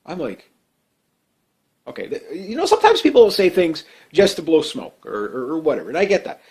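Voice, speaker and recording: A man's voice: on the high side, wildly swooping pitch, brisk, darkish tone. A man giving off-the-cuff political commentary, blunt and emphatic, rambling with many fillers and restarts.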